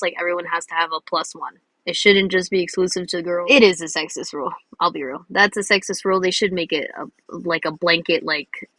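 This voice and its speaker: A woman's voice: on the low side, a bit bright, dry recording. A woman giving casual, rambling, giggly commentary while she draws. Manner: rambling and giggly, many fillers. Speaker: drawing video creator.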